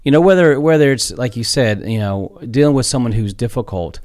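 A man co-hosting a Catholic talk show, speaking thoughtfully and haltingly with fillers. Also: medium pitch, lively intonation, darkish tone. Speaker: podcast co-host. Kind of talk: casual faith discussion.

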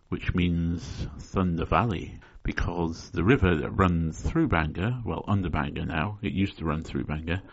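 A man hosting a podcast, explaining in a deadpan, mock-scholarly, tongue-in-cheek way. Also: sits low, muffled recording. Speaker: podcast host. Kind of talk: solo spoken explainer.

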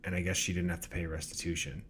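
A man's voice: low-pitched, flat delivery, quick pace, a bit bright, slightly rough. A man co-hosting a podcast, chatting casually and joking as he rambles through stories. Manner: joking, rambling, laughs at own jokes. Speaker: podcast co-host. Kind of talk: casual chat.

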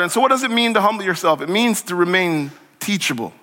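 A man preaching a sermon as a church pastor, conversational and animated, acting out little scenes from the text. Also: high-pitched, fast, few pauses. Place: church sanctuary. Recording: long hall reverb.

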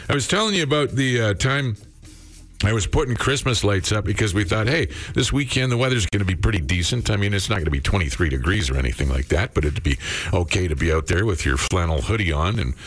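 A man's voice: lowish voice, animated, brisk, a bit bright. A middle-aged man hosting a morning radio show, telling a long rambling anecdote with fillers and restarts. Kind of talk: casual radio storytelling.

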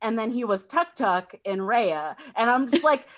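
A woman's voice: a little high, lively intonation, moderate pace, fairly bright tone. Wry joking woman podcast co-host. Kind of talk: casual chat.

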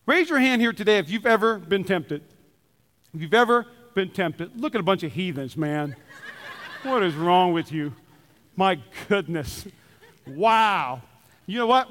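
A pastor from Minnesota preaching a sermon with humorous stories, repeating key lines for emphasis. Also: male voice, sits high, a bit bright, long reverb tail. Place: church.

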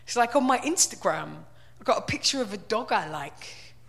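Wry woman, fairly high voice. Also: very animated, moderate pace, vocal fry, a bit bright. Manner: conversational, wry, full of "like" and "right?". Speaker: comedian. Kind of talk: live stand-up style talk.

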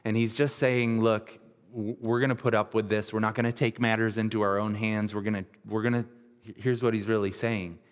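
A man's voice: lowish voice, flat delivery, a little fast, smooth, in a large hall. A man in his thirties giving a sermon as a pastor, retelling scripture in plain, conversational words with frequent restarts.

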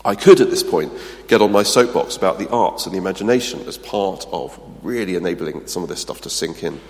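A man's voice: deep voice, fairly quick, a little mellow, in a large hall. A man preaching a sermon, earnest and emphatic, often restarting with ums, then leading a closing prayer.

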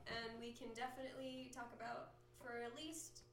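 A nineteen-year-old woman co-hosting a podcast in casual, giggly chat with quick asides. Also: a little high, level tone, creaky, noisy background. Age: teens. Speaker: podcast co-host.

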